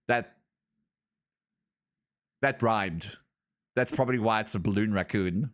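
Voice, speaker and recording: A man's voice: mid-range voice, animated, slow pace, pauses often. A man streaming live, chatting loosely with his viewers, drowsy and loopy from allergy medication, goofy and rambling and breaking into sing-song chants.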